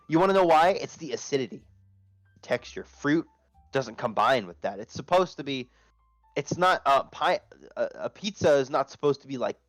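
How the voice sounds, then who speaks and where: A man's voice: medium pitch, no room sound. Young male guest, casual and rambling, swears a lot, dry close headset sound. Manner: animated, rambling, swears freely. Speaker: interview guest, streamer. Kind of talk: casual online interview chat.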